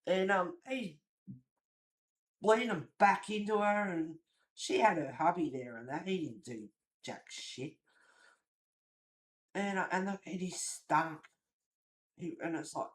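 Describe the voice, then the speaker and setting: A chatty woman hosting a colouring livestream from home. Her talk is lively and gossipy, with the occasional swear word thrown in. She sounds relaxed, like she's catching up with friends over a cuppa. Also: lowish voice, normal speed. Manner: animated, gossipy storytelling with swearing. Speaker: livestream host. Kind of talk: casual chat while colouring on a livestream.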